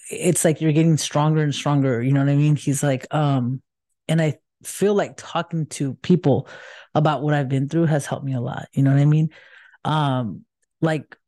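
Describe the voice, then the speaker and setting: A tired woman co-hosting a podcast, talking in a relaxed way and often asking "you know what I mean". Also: low-pitched, no echo, clean studio sound. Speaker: podcast co-host. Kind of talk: casual chat.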